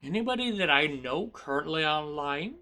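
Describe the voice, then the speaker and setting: A male streamer chats casually with his viewers, chaotic and energetic. His voice sits high and sounds bright and sharp. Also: normal speed.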